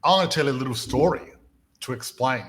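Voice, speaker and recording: A property mentor hosts a high-energy motivational podcast, telling stories fast in an ordinary mid-pitched voice. He often repeats the first words of a sentence before getting going, and the recording is rough.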